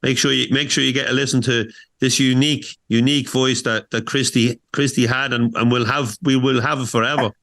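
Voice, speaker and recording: A man's voice: mid-range voice, fairly even intonation, fairly quick, vocal fry, a bit bright. A man hosting a casual podcast interview, speaking with hesitant fillers. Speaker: podcast host.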